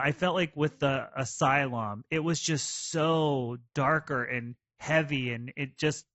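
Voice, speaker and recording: Man, podcast co-host, casual musing chat, fairly high voice, dry muffled sound. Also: fairly bright tone, no echo. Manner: musing, hesitant, trails off.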